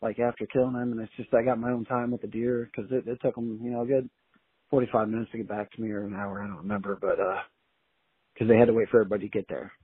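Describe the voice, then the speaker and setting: Man, raspy voice, folksy animated storyteller, interview guest, phone-quality audio with no room sound. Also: lowish voice, quick pace, no echo. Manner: colloquial, animated anecdote telling. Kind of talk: casual storytelling. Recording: tinny dry phone line.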